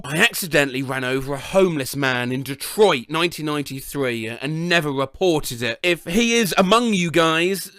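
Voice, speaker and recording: A man's voice: on the high side, animated, normal speed, few pauses, bright, forceful tone, smooth, no echo. A man hosting a comedy Reddit video, reading punchy joke setups in an exaggerated voiceover from a close mic. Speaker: host.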